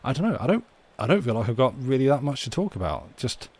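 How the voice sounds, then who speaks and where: Guy hosting a chill reading stream from home, soft and chatty, kinda rambly. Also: mid-range voice, big pitch swings, fast talker. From United Kingdom. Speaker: livestream host. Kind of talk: casual livestream chat and poem reading. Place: home room.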